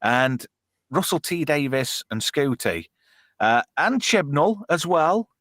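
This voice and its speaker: A man's voice: a little high, big pitch swings, takes it slowly, a bit bright, no room sound, clean studio sound. A middle-aged man hosting a casual live stream, swearing freely and teasing his co-hosts. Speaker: host.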